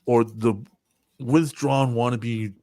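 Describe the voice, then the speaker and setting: A man's voice: mid-range voice, steady tone, slow, warm tone, no room sound. A man in his forties hosting a casual podcast chat, rambling and swearing often, with frequent laughs. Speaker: podcast host.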